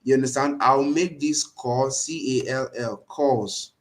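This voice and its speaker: A male design instructor with a medium-pitched, unhurried voice teaches a design tool in a live screen-share tutorial. He is earnest and keeps checking in with his students, repeatedly asking "right?" and "you understand?".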